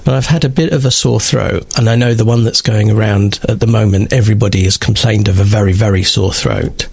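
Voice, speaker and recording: Husky-voiced man with covid hoarseness. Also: fairly low pitch, steady tone, darkish tone. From London-based. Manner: halting, restarts often. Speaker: podcast co-host. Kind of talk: casual chat.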